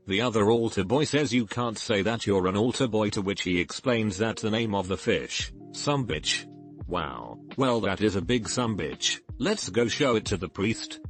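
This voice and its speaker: A man narrating forum posts and jokes in an even, literal read-out voice. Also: lowish voice. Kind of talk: reading forum posts aloud.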